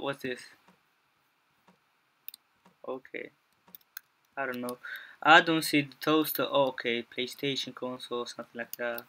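A man's voice: medium pitch, bright, forceful tone. A young man giving gameplay commentary, muttering to himself, stammering, panicking and swearing as he plays. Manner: jumpy, panicky reactions with frequent swearing and repeated phrases. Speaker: gaming YouTuber.

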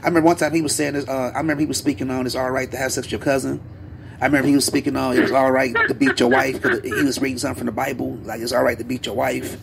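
A man co-hosting a podcast, telling stories in a loose, animated way with plenty of slang and asides. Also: medium pitch, rapid-fire, creaky, background noise. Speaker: podcast co-host. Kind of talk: casual podcast chat.

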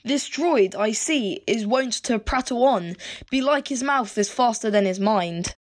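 A woman's voice: fairly high pitch, measured pace, lightly acted. A woman voicing a restless young male farm boy in an amateur verse audio drama, speaking earnestly. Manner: earnest, yearning verse delivery. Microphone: home computer mic.

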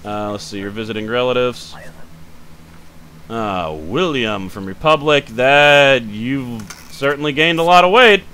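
Bright-voiced man muttering over a game. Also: mid-range voice, smooth. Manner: thinks aloud while checking details, mutters to himself; quick to grumble and curse, then apologizes. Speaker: gaming channel host. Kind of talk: casual let's-play commentary.

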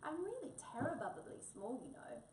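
A woman's voice: high voice, wildly swooping pitch, measured pace, a little mellow, exaggerated voice. A woman voicing an eager, childlike young male wombat in a storybook, heard in an echoey room from a distance with faint noise.

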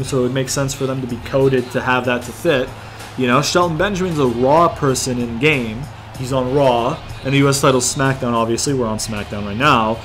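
A man giving casual, rambling gameplay commentary, thinking aloud and swearing freely. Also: on the high side. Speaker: gaming YouTuber.

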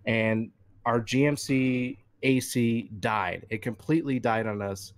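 A young man in mid pitch chats on a gaming podcast, winding through a story with plenty of swearing. His voice sits close and dry, with no room sound around it. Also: a little slow, no room sound. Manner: rambling, profane storytelling. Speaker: podcast co-host. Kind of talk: casual chat.

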